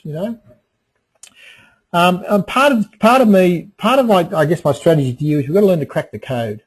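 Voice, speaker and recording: A middle-aged man presents a webinar on emotional resilience in a folksy style, often repeating phrases and restarting. His voice sits high and sounds animated and brisk. The recording quality is low.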